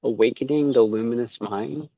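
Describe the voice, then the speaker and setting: A man's voice: medium pitch, moderate pace, slightly rough, no room sound, lo-fi sound. A man talking casually as a podcast guest, rambling, with many fillers and quoted asides. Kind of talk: casual conversation.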